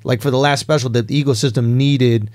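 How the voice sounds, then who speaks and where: A man's voice: mid-range voice, a little fast, no room sound. Man hosting a comedy podcast. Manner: animated, breaks down comedy craft. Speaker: podcast host. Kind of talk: casual chat.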